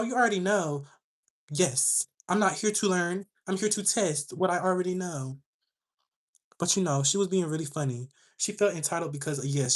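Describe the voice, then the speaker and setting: A young woman hosting a livestream, telling a story to her chat in a sassy, animated way. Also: low-pitched. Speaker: livestream host.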